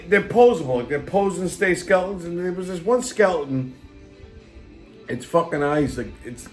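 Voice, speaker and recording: A middle-aged man, hosting a show and telling a rambling, profane anecdote while laughing often. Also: on the high side. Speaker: podcast host. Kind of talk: casual storytelling monologue.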